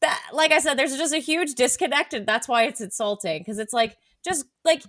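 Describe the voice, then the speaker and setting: A woman's voice: sits high, normal speed, fairly bright tone, dry recording. A woman co-hosting a podcast, rambling and full of "like" as she trails off mid-thought. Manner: rambling, heavy use of "like", trails off. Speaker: podcast co-host. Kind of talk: casual chat.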